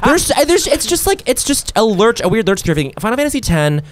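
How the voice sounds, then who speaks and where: Animated man chatting as podcast guest. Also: very high voice, quick pace, dry recording. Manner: animated, swears freely, breaks into laughter. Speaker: guest comedian. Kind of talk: casual podcast chat.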